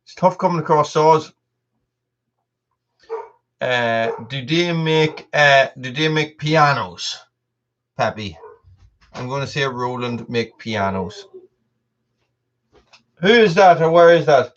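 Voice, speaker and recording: A man's voice: fairly high pitch, animated, slow, pauses often, fairly bright tone, a little hiss or hum. Rambling man on a lo-fi live stream. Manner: rambling, many restarts, talks to his dog. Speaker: livestream host. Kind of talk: casual live chat with viewers.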